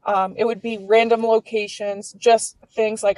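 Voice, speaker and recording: A woman's voice: fairly high pitch, flat delivery, a little slow, a little mellow, no echo, low-quality recording. A woman in her twenties telling a personal story as a podcast guest, candid and swearing freely, with lots of filler words.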